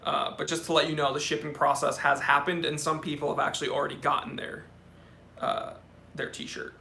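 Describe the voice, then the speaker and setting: A man's voice: a little high, level tone, brisk, creaky, sharp tone, slight background noise. A young man hosting a live-stream watch Q&A, chatty and off the cuff, reading out viewer comments and answering them. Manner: chatty, answers questions off the cuff, talks to his cats. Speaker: watch channel host.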